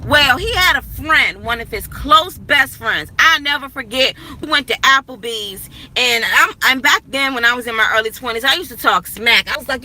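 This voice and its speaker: A woman in her thirties tells a personal story straight to her viewers, emphatic and repetitive, in a high-pitched, animated voice with a bright, forceful tone. She talks at normal speed with hardly any pauses. The rough recording was made on a phone while riding outdoors in a moving vehicle, passing under a bridge.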